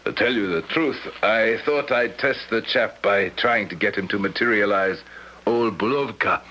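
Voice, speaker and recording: An actor playing a polite, skeptical gentleman from Moscow who also narrates, in a 1970s radio drama. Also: lowish voice. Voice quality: polite, measured, slightly formal. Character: sophisticated man from Moscow, curious and skeptical. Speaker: narrator and lead character. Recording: dull lo-fi old radio broadcast.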